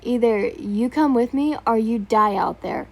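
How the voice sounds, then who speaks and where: A woman voicing a brash, gruff young male soldier in an amateur audio story, talking loudly and brusquely. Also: on the high side, measured pace. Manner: loud, brusque, shouting.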